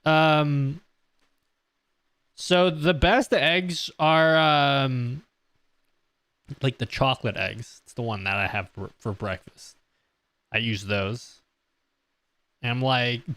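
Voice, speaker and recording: A man's voice: mid-range voice, slow pace, long pauses, a bit bright, no room sound. A man live-streaming a casual question-and-answer session, joking, laughing and reading his chat aloud from a close desk mic. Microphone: close desk mic on an audio mixer.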